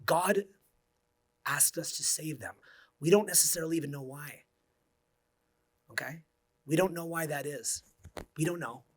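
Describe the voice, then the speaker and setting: A man's voice: a little high, measured pace, long pauses, husky. A man in his forties, a social skills coach, giving an intense, profane motivational speech that drops to near-whispers. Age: 40s.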